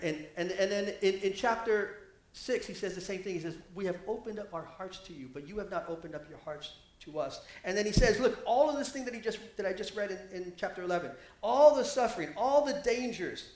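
A man preaches a sermon with a high-pitched voice, his delivery animated and climbing when he quotes scripture. The sound carries the echo of a roomy space.

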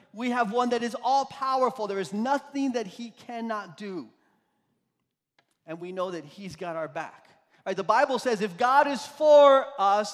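A pastor preaching a sermon, swinging from loud emphasis to hushed, soft lines. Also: male voice, high-pitched, long reverb tail.

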